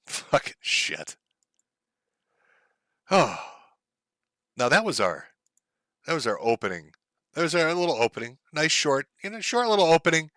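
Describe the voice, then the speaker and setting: This is a man in a livestream commentary rant, and his voice sits a little high with a bright, cutting edge. He is blunt and sarcastic, and he swears freely while he gets heated. His voice sounds close and dry. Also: sing-song, fairly quick, no echo. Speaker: streamer host.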